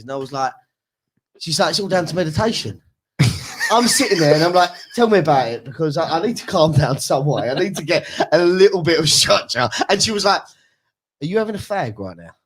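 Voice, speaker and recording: A man's voice: a little high, normal speed. A man telling funny stories in a casual chat, acting out quoted lines. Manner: animated storytelling, acts out quotes. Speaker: guest.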